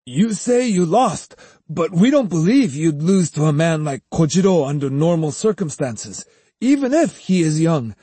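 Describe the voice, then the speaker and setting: A loyal male sword student presses his point earnestly in a raised voice, as a male narrator puts him on. Slow, husky and dry. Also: fairly high pitch, sing-song, warm tone, no echo, voice pushed up, heavily acted. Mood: insistent. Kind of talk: audiobook character reading.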